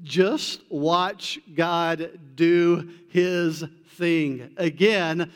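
A male pastor preaching a sermon in a conversational way, with casual slang, moving between hushed and emphatic delivery. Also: sits high, vocal fry, long reverb tail.

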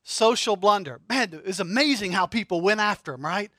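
Animated high-voiced male preacher. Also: moderate pace, hardly any pauses, no room sound, clean studio sound. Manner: animated preaching with humor and rhetorical questions. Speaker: pastor. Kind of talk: sermon.

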